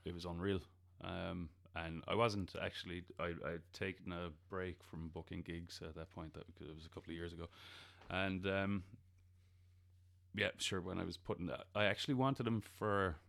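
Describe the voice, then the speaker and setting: Gravelly, low man, hesitant. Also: steady tone, moderate pace, a bit bright. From Ireland. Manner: hesitant, many ums and restarts. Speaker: festival promoter guest. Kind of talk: casual podcast chat.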